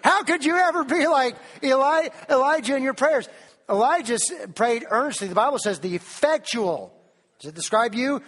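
Speaking at normal speed in a very high-pitched voice, a preacher from Tennessee fires questions at his congregation and cites the King James Bible. The animated sermon carries a big-room sound.

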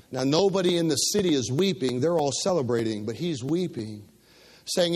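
A pastor preaching a sermon, stacking rhetorical questions in a rising cadence, with restarts and repeated words, in a church. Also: male voice, fairly high pitch, moderate pace, a little mellow. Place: church sanctuary. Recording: long hall reverb.

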